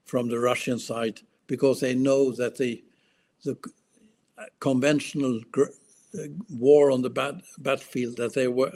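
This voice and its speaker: A man, speaking as a guest analyst in casual talk. He speaks very slowly, pausing and restarting often as he searches for words. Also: mid-range voice, darkish tone. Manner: slow, halting, many restarts and fillers. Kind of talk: casual political discussion.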